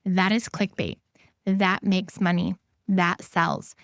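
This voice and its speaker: A woman's voice: on the low side, steady tone, slow pace, dry recording, studio quality. A woman hosting a solo podcast as an intimacy coach, talking earnestly and repeating her key points for emphasis.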